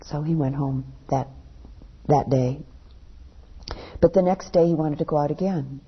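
Her voice sits low and husky as this woman meditation teacher unhurriedly tells a story in a dharma talk, letting phrases fall softly at their ends. It comes through on a dull, lo-fi recording.

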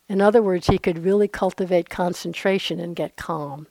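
A woman's voice: fairly low pitch, fairly even intonation, normal speed, few pauses, a little mellow, dry recording. A woman meditation teacher giving a dharma talk on retreat, conversational and earnest, with frequent asides.

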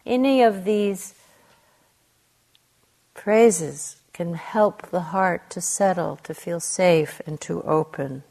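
Slow, soft-spoken meditation teacher woman. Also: fairly low pitch, creaky. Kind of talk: dharma talk and story reading.

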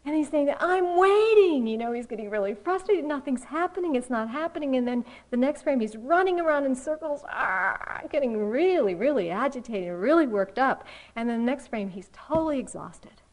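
A woman meditation teacher giving a dharma talk in a slow, reflective way, with soft pauses. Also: sits high, expressive, poor audio.

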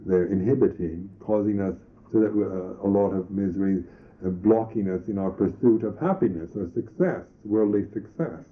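A Buddhist monk teacher giving a reflective meditation talk, pausing and restarting his phrases often. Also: fairly low pitch. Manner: slow, reflective, halting with restarts. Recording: tinny lo-fi old recording.

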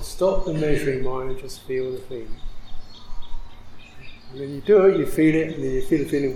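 A man who is a Buddhist monk teacher, giving a reflective dharma talk with frequent soft laughter. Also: medium pitch, reverberant, a little hiss or hum, low-quality recording.

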